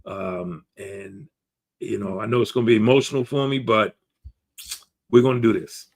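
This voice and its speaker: A man's voice: fairly low pitch, normal speed, gravelly. A man talking to camera as a grief counselor, giving earnest advice with many fillers and restarts.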